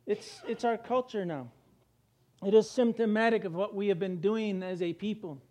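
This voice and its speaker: A middle-aged man preaching a sermon in church, animated and laughing, now and then mimicking gloomy complainers. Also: high-pitched, moderate pace. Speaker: pastor.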